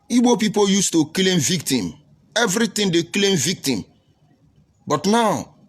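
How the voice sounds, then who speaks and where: A man with a Nigerian English accent, a preacher hosting a livestream, answering viewer comments in a combative, preachy way full of rhetorical questions. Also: on the high side.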